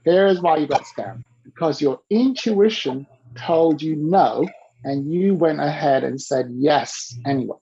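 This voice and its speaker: A husky man with a gravelly edge tells an animated coaching story, bouncing between the voices of the people he quotes. He coaches the listener along and has them repeat his rules back. The recording sounds dull and lo-fi. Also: on the high side, unhurried. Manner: acts out quoted dialogue with lively shifts in voice. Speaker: business coach.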